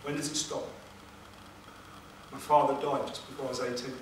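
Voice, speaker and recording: A man, a motivational speaker telling an emotional personal story at a seminar, with dramatic pauses and questions to the audience. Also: medium pitch, little pitch movement. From England. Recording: echoey room, distant mic, background noise.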